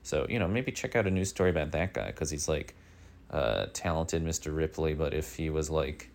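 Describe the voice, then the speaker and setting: A man hosting a daily news show, rambling through a comic monologue in a deadpan way with many fillers. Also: rumbling low, normal speed, gravelly, slight background noise. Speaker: daily news podcast host.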